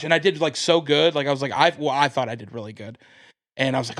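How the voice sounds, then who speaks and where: A man's voice: medium pitch, quick pace. An American man, a comedian guest on a podcast, telling a long story in casual chat and acting out the people in it. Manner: animated, acts out quoted voices.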